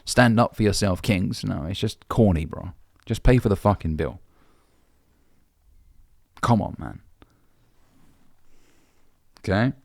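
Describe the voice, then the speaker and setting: Uk guy dating coach talking straight to camera, gravelly voice, dead dry sound, swears a lot. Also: lowish voice, expressive, slow pace, long pauses, no room sound. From United Kingdom. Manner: blunt, brotherly, swears casually. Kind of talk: direct-to-camera advice talk.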